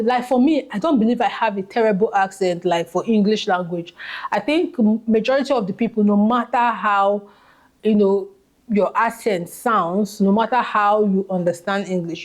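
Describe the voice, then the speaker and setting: A woman's voice: mid-range voice, normal speed. A woman with a Nigerian accent giving advice in a casual vlog, emphatic and repeating key phrases for stress. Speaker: vlogger.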